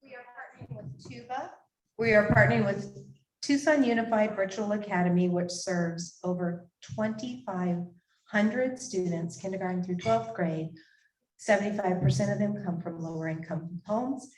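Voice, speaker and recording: A woman on a nonprofit's staff giving clear, informative program facts at a live event. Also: mid-range voice, normal speed. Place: event hall. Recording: echoey hall, distant mic.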